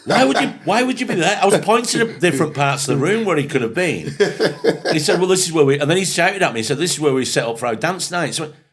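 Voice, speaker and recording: A man from England, a comedian co-hosting a casual chat, telling lively anecdotes, acting out the voices of people in them and swearing freely. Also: a little high, quick pace. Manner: animated storyteller, acts out quoted voices, swears freely. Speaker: podcast co-host and comedian.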